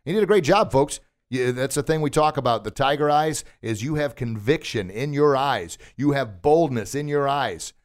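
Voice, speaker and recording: An enthusiastic man hosts a coaching podcast from a recording studio. His voice sits at an ordinary middle pitch. He keeps firing questions at his listener and heaps praise on every answer. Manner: upbeat, encouraging, quizzing and praising. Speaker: podcast host and martial arts instructor. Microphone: studio microphone.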